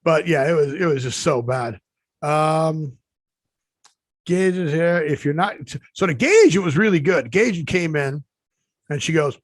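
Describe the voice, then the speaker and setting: A man's voice: fairly high pitch, expressive, normal speed, no echo. A man co-hosting a casual podcast, telling a rambling story full of fillers and restarts. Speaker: podcast co-host. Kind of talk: casual chat.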